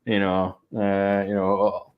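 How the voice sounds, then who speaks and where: A man's voice: deep voice, completely flat delivery, slow pace, clear, resonant tone, muffled recording. A man chatting casually in a rambling way, full of filler words and the odd swear. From Scotland. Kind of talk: casual conversation.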